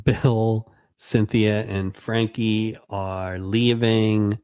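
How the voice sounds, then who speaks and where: A man's voice: fairly low pitch, little pitch movement, extremely slow, darkish tone, clear, resonant tone, no room sound, studio quality. A man co-hosting a podcast, giving a wry, sarcastic recap in casual chat. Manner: wry, sarcastic, quotes characters in put-on voices. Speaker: podcast co-host.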